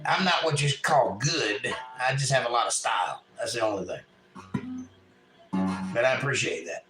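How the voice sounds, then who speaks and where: A man's voice: mid-range voice, expressive, normal speed. A man hosting a home live stream, singing and chatting with viewers in a casual, self-deprecating way. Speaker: live stream host and musician. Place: a house. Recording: roomy echo with loud guitar. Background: loud acoustic guitar.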